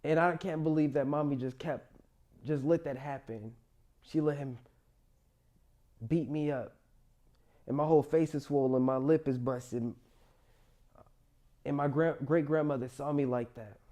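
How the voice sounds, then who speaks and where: A man's voice: mid-range voice, normal speed, pauses often. Young man telling his life story. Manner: emotional, rises loud then drops quiet. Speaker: motivational storyteller. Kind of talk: personal life story monologue.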